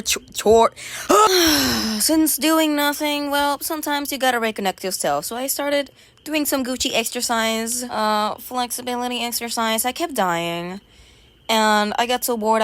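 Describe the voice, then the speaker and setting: A woman narrating her own video in a playful, goofy way, stammering and making up silly words, swinging between lively bursts and low mumbles. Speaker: vlogger. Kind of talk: casual voice-over narration of a video.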